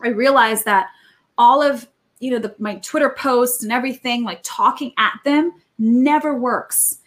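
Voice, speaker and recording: On the podcast, a female guest with a high voice tells stories in a lively, animated way, quickly restarting her sentences during the casual conversation.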